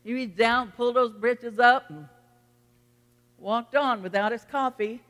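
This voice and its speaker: Bright-voiced pastor preaching in a hall. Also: medium pitch, unhurried. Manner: storytelling preacher, folksy and earnest. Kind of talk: sermon. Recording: long reverb of a hall.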